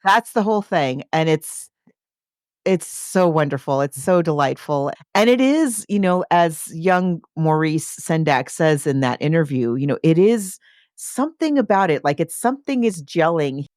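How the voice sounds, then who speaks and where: An enthusiastic woman talks animatedly about a picture book, acting out quotes with big leaps in pitch. Her voice sits fairly low. The sound is close and dry. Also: expressive, normal speed, darkish tone, no room sound. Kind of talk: casual book discussion.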